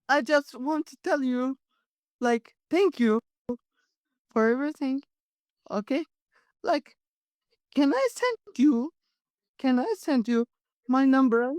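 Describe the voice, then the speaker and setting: Tearful woman with a high, slow voice. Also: dry recording. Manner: emotional, halting speech with many fillers and restarts. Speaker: caller receiving a healing.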